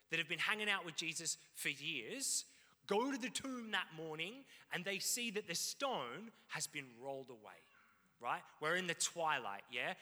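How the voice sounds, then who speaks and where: A man preaching a sermon, telling the story in an animated way with frequent asides to the congregation. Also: on the high side. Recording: long reverb in a hall.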